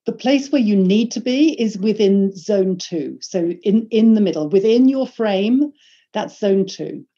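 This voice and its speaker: A woman leading an online workshop on presenting, giving instructions in a clear and emphatic way. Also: medium pitch, expressive, a little slow, dark tone, highs cut off. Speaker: presentation skills trainer.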